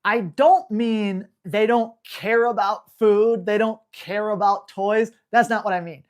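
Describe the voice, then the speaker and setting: A man's voice: sits high, steady tone, measured pace. A man hosting a live dog-training Q&A, talking bluntly and hammering home key words. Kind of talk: live Q&A stream.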